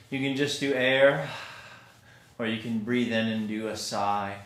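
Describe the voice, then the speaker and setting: A man teaching a theatre class, guiding a breathing and vocal warm-up in a slow, calm, soothing way. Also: mid-range voice. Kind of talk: guided vocal warm-up instruction. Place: indoor room, recording himself on camera. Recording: echoey room.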